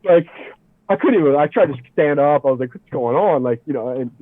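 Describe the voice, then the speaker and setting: Animated guy telling a wild story over a tinny line. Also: on the high side, fast, no echo. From Philadelphia area. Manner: animated, swearing, frequent "dude" and "like". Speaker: podcast guest. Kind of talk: casual storytelling. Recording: tinny phone-like sound, dry.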